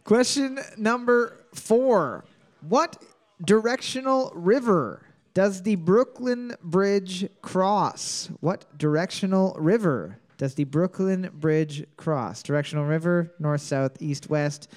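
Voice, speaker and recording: A man hosting a trivia quiz, reading each question slowly and joking and swearing between rounds. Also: high-pitched. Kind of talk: casual trivia hosting with banter.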